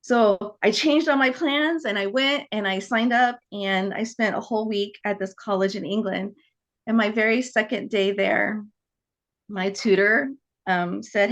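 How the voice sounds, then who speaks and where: A woman in her forties, a psychic medium, telling her story on a podcast in an animated way and acting out the dialogue. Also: mid-range voice, a little slow.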